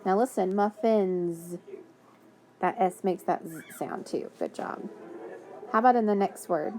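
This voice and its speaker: A woman's voice: mid-range voice, lively intonation, moderate pace, a little mellow, a little hiss or hum. A woman teaching a phonics lesson to young children, patiently sounding out words and praising answers.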